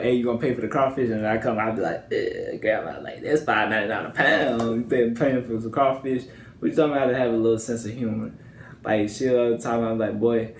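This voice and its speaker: A man's voice: lowish voice, vocal fry, echoey room, a little hiss or hum. A young man from Louisiana with a country accent, telling stories to camera in a loose, rambling way. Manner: loose, rambling, repeats "and stuff". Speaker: vlogger. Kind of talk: casual storytelling to camera.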